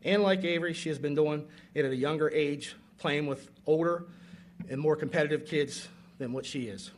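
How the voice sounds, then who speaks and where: A middle-aged father giving an emotional award speech at a banquet, halting with many fillers. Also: a little high, slight background noise. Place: banquet hall.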